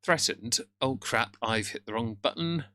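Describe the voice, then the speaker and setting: A man talking on a live stream in a loose, rambling way. His voice is bright and forward, recorded close and dry on a desk mic, with no room sound. He greets viewers and stumbles over a word now and then. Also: mid-range voice, animated, unhurried, no room sound. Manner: rambling, chatty, greets chat, stammers at times. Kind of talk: casual live-stream commentary.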